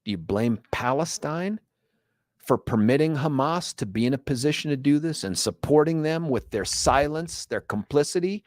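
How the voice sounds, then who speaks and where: A man's voice: on the high side, expressive, normal speed, dry recording. A man hosting a talk radio show, delivering an opinionated, sarcastic monologue and mocking others in put-on voices, on a studio microphone.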